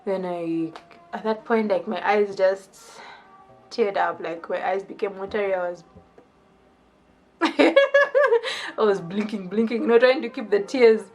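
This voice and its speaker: A woman's voice: mid-range voice, a little slow. Chatty young woman telling a story. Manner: animated, chatty, filler-heavy storytelling. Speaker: vlogger. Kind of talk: casual story time.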